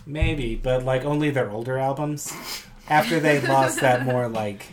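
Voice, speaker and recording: A man's voice: mid-range voice, a little slow, a loud crowd. A man co-hosting a casual podcast, musing aloud with hesitant, rambling phrasing. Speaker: podcast co-host.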